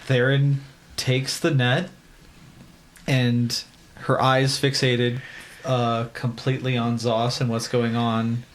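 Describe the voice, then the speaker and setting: A man at a tabletop game session, explaining his character's moves in detail. His voice sits at an ordinary pitch, with a faint hiss of noise under it. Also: flat delivery, slow. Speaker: player. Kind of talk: casual tabletop game play.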